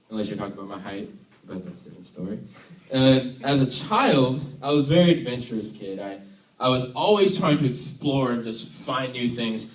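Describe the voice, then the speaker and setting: Young man preaching in an echoey hall. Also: mid-range voice. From Tennessee, US. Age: young adult. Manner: joking, self-deprecating, chatty. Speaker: youth worship leader preaching. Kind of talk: casual sermon. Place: church hall. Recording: echoey hall, mic from far off.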